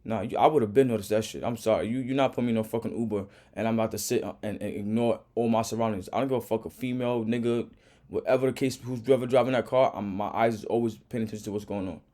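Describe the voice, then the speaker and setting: A man's voice: fairly low pitch, fairly even intonation, quick pace, warm tone. A young man hosting a reaction video, ranting bluntly and heatedly with lots of profanity. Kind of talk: casual reaction commentary.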